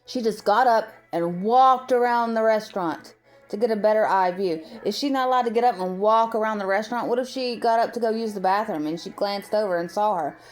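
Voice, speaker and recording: A woman's voice: medium pitch, a little fast, soft background music. A woman from the United States giving a rambling, opinionated commentary in a casual vlog, full of filler words. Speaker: vlogger.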